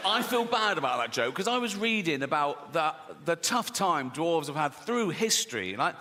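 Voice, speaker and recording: Man, middle-aged, stand-up comic, bright clear voice, sweary storytelling, audience laughs. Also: a little high, sing-song, normal speed, slight background noise. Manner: swearing, storytelling with tag questions "right?". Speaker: stand-up comedian. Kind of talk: stand-up routine.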